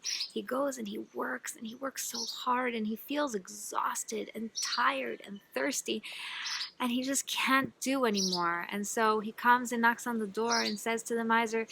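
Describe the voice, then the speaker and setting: Animated woman telling a teaching story. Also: a little high, moderate pace, gravelly. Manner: animated, acts out the characters. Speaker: rebbetzin and storyteller.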